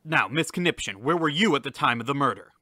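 A man's voice: medium pitch, animated, fast, pushed and bright, no room sound, studio quality. A man playing a tough, clipped lone-wolf detective in a radio comedy sketch. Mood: gruff. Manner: clipped, hard-boiled.

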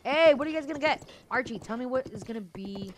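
A woman's voice: on the high side, animated, quick pace, a little hiss or hum. A young woman live-streaming a video game, chatting with viewers and scolding her horse, laughing often. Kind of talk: casual live-stream chat.

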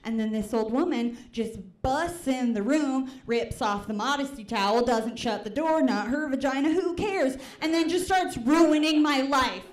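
Young midwest woman doing standup, kinda high voice, roomy club mic, chatty self-mocking. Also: a little slow, hardly any pauses. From American Midwest. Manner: conversational, self-deprecating, many "like"s and "right?"s. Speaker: stand-up comedian. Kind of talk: stand-up set. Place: comedy club stage before a live audience.

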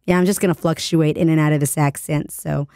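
A woman DJ hosting her podcast while sick, her voice hoarse and raspy, chatting playfully and joking about herself. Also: low-pitched, steady tone, a little fast, warm tone, no room sound, clean studio sound. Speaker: radio DJ and podcast host. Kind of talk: casual solo podcast chat.

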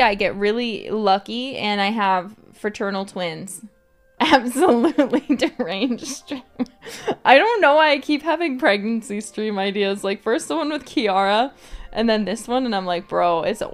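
A woman's voice: medium pitch, moderate pace. A woman streamer rambling in casual late-night chat, giggling often and filling her talk with "like". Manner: rambling, giggly, filler-heavy "like".

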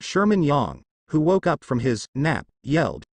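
Lively male storyteller, dry close sound. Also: a little high, measured pace, gravelly, no room sound. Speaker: narrator. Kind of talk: reading fan fiction aloud.

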